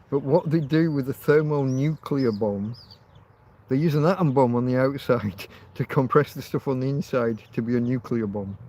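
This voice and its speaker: A man's voice: mid-range voice, darkish tone. A man hosting a casual livestream, rambling, laughing often and swearing. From Britain. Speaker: livestream host.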